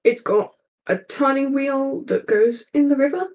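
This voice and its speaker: A woman game master narrating a tabletop game, setting scenes in a slow, meandering, descriptive way. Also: sits high, lo-fi sound.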